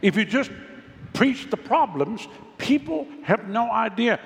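A man's voice: sits high, sing-song, takes it slowly, creaky. A pastor preaching a sermon, emphatic and calling on his congregation for responses. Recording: long reverb of a large hall.

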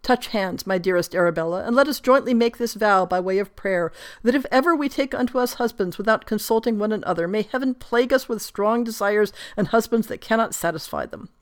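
An affectionate, resolute young noblewoman, as a woman reads her aloud. Her lines come tender and formal at a middling pitch, as in a period novel read aloud. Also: fairly quick, few pauses, close to an everyday voice.

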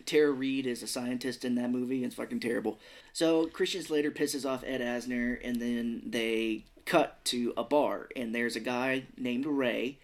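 A man's voice: medium pitch, steady tone, normal speed. A man in his thirties co-hosting a casual movie podcast, joking and acting out lines in silly voices. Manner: laughing, jokey, acts out movie lines in voices. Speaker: podcast co-host. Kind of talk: casual movie recap chat.

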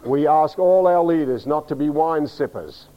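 Recorded with muffled sound, this man's voice sits on the high side and moves at a moderate pace. He's a pastor giving an emphatic, direct teaching sermon, spelling out words and frequently calling on the congregation for agreement.

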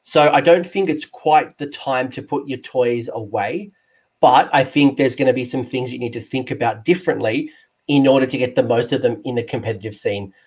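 A man with an Australian accent hosting a casual podcast chat as a tabletop game coach, jokey and excitable. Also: mid-range voice, normal speed, breathy edge.

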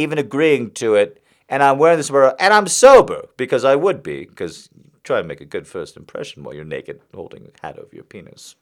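A man hosting a podcast, delivering a rambling, confessional, self-mocking comic monologue. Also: fairly high pitch.

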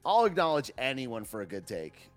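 A man's voice: medium pitch, sing-song, normal speed, faint music behind. A man rambling through casual live commentary with many fillers and restarts. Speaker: political commentary streamer.

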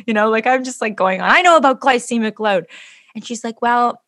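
A woman in casual chat, telling a story in an animated way and acting out the people in it. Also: fairly high pitch, fast talker, no room sound, clean studio sound. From Canada. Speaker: podcast co-host.

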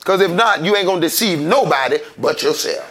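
A man preaching a sermon, calling out to the congregation and rising into shouts. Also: high voice, expressive, brisk. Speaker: pastor. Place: church sanctuary.

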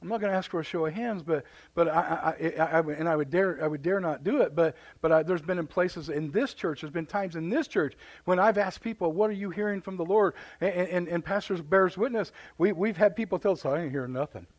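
A man's voice: fairly high pitch, fairly quick, few pauses. A man preaching a live sermon in a church, fervent and repeating words as he builds his points. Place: church sanctuary.

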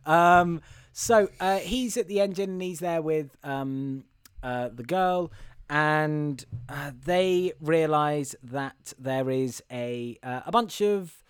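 A man's voice: fairly high pitch, takes it slowly, clear, resonant tone, dry recording, studio quality. A man co-hosting a podcast, recapping a film in a rambling, sweary casual chat. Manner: rambling, sweary, laughs often. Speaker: podcast co-host reviewing a film.

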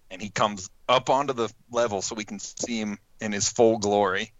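A man's voice: fairly low pitch, low-quality recording. A man casually telling a hunting story, acting out quotes and laughing as he goes. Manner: animated, acts out quotes with laughs.

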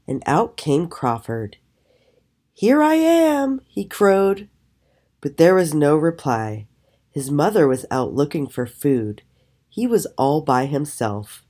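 A woman telling a children's story aloud with an expressive, animated storytelling manner. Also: low voice, takes it slowly, pauses often, husky. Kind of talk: storybook reading.

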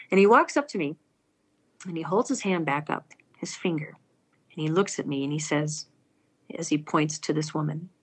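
A woman's voice: sits low, breathy edge. A woman earnestly telling a personal story aloud, acting out the people she quotes. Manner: earnest, animated, acts out quoted speech.

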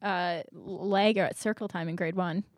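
A woman's voice: on the low side, steady tone, measured pace, no echo, studio quality. A young woman co-hosting a casual podcast chat, laughing often between her lines. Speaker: podcast co-host.

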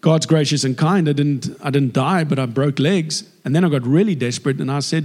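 A South African man sharing a personal testimony in an animated storytelling manner. His voice sits a bit high for a man, and he slips into acted dialogue as he goes. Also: fairly quick, few pauses. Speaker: actor giving a faith testimony.

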